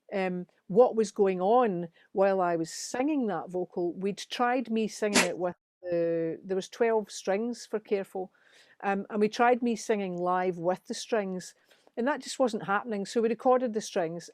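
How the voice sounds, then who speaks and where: A woman's voice: mid-range voice, moderate pace, dry recording. A middle-aged Scottish woman, a musician guest, telling studio stories in casual chat and acting out the quotes. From Scotland. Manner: animated storytelling, acts out quotes.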